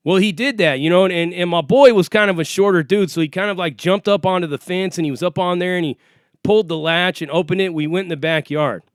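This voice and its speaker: A man's voice: sits high, quick pace, smooth, dry recording, studio quality. A man telling a story in casual, profane first-person speech, acting out the quoted voices as he goes. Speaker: storyteller recounting an arrest.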